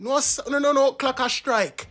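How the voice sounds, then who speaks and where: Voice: sits high, normal speed, fairly bright tone. A performer playing an overprotective Jamaican parent who sternly and dramatically forbids a trip.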